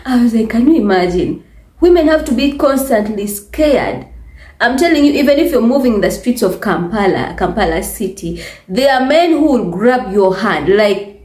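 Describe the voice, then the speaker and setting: Brief: Ugandan woman vlogger, emphatic and exasperated, fairly high voice, roomy echo. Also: a little mellow. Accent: Ugandan English. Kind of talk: casual talk to camera. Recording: echoey room.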